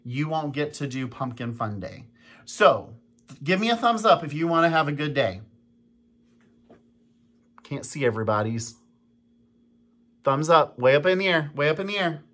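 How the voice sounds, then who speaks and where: A school principal reads the morning announcements to a room of young children. The voice is bright and forward, sitting in the middle of the pitch range, and it coaxes and insists the way a teacher does, repeating each plea so it sticks. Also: sing-song, moderate pace, pauses often. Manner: repeats pleas and instructions for emphasis.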